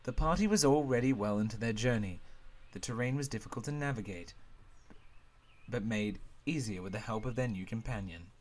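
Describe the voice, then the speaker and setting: A man's voice: fairly low pitch, lively intonation, a little fast, darkish tone. Bouncy jokey man narrating a game. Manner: bouncy, jokey, voices every character. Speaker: host and reader of a visual novel playthrough. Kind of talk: playful narration, reading aloud.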